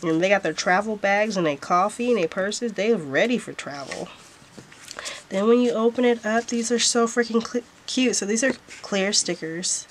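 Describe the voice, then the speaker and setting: A woman's voice: medium pitch, normal speed, slight background noise. A woman vlogger showing off planner stickers in a casual haul, gushing and repeating how cute everything is.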